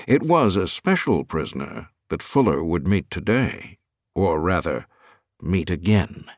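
A man narrating an audiobook thriller in an expressive, lively reading on a close studio mic. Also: sits low, no echo.

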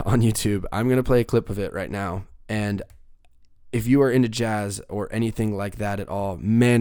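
A man's voice: fairly low pitch, darkish tone, clean tone, dry recording, studio quality. A young man hosting a solo podcast, rambling and swearing in an upbeat, casual way. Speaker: podcast host.

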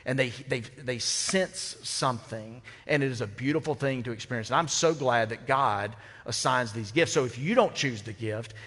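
A man's voice: medium pitch, normal speed, few pauses, a bit bright. A man pastor giving a sermon in a conversational, humorous way, with rhetorical questions to the congregation, on a microphone in a church. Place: church sanctuary. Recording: long hall reverb.

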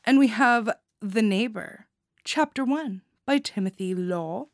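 A woman giving casual spoken reviews of anthology stories, giddy and quick to laugh, sometimes stumbling over her words. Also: a little high, animated, no room sound, clean studio sound.

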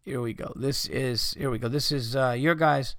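A man with a medium-pitched, steady voice hosts his own solo podcast at a moderate pace, recorded with clean studio sound and no room noise. He rants in a fired-up, rambling way full of profanity and reads listener messages aloud.

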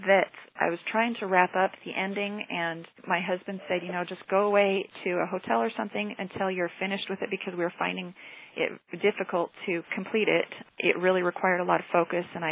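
A middle-aged mother telling a personal story in an earnest, halting way, often repeating words. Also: fairly low pitch, gravelly, slightly rough, dry recording. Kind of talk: personal testimony. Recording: tinny phone-line sound, dry.

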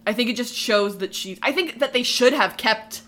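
A chatty woman podcast host with a bright, clear tone, talking through a show episode casually. She strings thoughts together with lots of "like" and laughs easily. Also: fairly high pitch, moderate pace. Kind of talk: casual recap chat.

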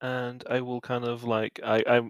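A man playing a tabletop game, mid-pitched and hesitant. He stammers and restarts often, recorded dry and close. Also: monotone, unhurried, clean tone, no echo. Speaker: player.

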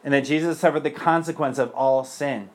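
A man's voice: a little high, steady tone, fairly quick. A young man speaking as a priest, giving an earnest personal testimony in a loose conversational way. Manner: earnest and conversational, many fillers.

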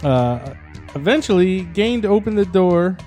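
Animated man reading news on a podcast. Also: high voice, measured pace, faint music behind. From New Jersey. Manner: reads news aloud with stumbles and jokes. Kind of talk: casual comedy podcast banter.

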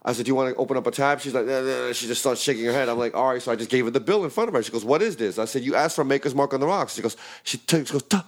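A man casually telling a story about his bartending shift to friends, swearing a lot and acting out the shouting in the quotes. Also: medium pitch, rapid-fire, hardly any pauses. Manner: animated, profane, acts out shouting in quotes.

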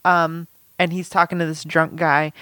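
A woman in casual conversation, recapping a film's plot and acting out quick quotes from its characters. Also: sits low, flat delivery, a bit bright, dry recording. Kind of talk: casual film discussion.

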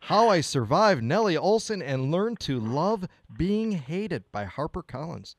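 A man hosting a radio interview show, enthusiastic and quick to react. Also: on the high side, sing-song, dry recording.

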